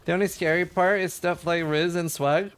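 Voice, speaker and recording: A man's voice: high-pitched, steady tone, moderate pace, clean tone. A man streaming, chatting casually and rambling through a funny story with laughs. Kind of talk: casual livestream chat.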